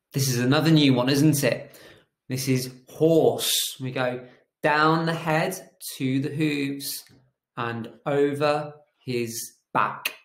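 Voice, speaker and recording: Slow, encouraging male phonics teacher. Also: mid-range voice, reverberant. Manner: slow, encouraging, asks children to repeat. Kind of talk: children's phonics lesson.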